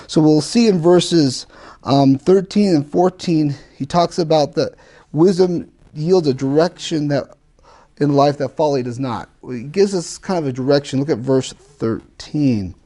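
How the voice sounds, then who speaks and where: A man's voice: fairly high pitch, dark tone. A man giving an informal Bible lesson to a class, conversational and repetitive, with frequent fillers and emphatic restatements. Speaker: Bible teacher.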